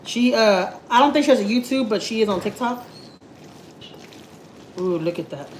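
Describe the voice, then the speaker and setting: A woman's voice: on the high side, normal speed, slight background noise, poor audio. A woman chatting casually to her live viewers while cooking in her home kitchen. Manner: chatty, slangy, laughing asides. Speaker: family vlogger.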